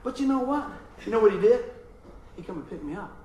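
A middle-aged man preaching with a high, bright voice and a lively, storytelling delivery. He keeps asking the congregation "amen?" His voice rings in an echoey room over faint background noise. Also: fast talker, distant mic. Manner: animated storytelling, frequent call-and-response "amen?". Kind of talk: sermon.

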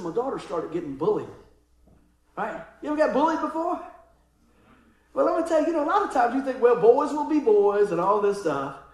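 A middle-aged male pastor with a high voice tells a comic story from the pulpit, laughing as he goes and then sinking into hushed asides. His voice carries through a roomy, echoing hall. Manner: animated, laughing storyteller who drops to quiet asides. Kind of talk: sermon with humorous storytelling.

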